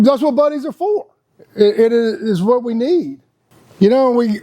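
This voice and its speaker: A man's voice: high-pitched, dark tone. A man, talking in a casual, blunt, folksy monologue as a podcast host. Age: 50s. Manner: folksy, blunt, laughs often.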